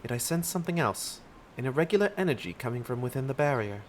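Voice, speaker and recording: A man voicing a calm, scholarly female mage who speaks in a measured, formal way. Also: mid-range voice, slight background noise, natural voice. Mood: composed. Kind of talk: reading game dialogue aloud in voices.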